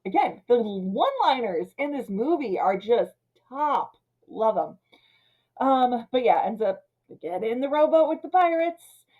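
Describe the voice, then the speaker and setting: A woman in her thirties casually ranting about an old film, retelling scenes and slipping into quick character voices. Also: fairly high pitch, lo-fi sound. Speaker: film commentator. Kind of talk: casual movie rant.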